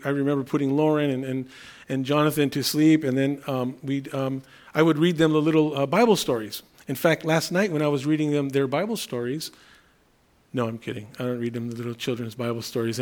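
A middle-aged man giving a conversational sermon as a pastor, telling humorous everyday stories with restarts. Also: fairly high pitch.

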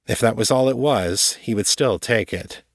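A man reading his own novel aloud in steady, measured audiobook narration. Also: medium pitch, dry recording, clean studio sound.

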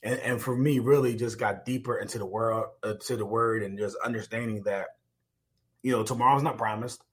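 A man's voice: fairly low pitch, steady tone, a little fast. A man in his forties, a former football player, telling his life story earnestly on a podcast, with many fillers and restarts. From United States. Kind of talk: reflective personal storytelling.

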